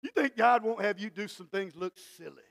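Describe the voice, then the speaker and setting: A male pastor preaching a sermon in a church, swinging from quiet asides to shouted exhortation and acting out Bible scenes in folksy dialogue. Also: high-pitched, fairly quick, creaky, a little hiss or hum.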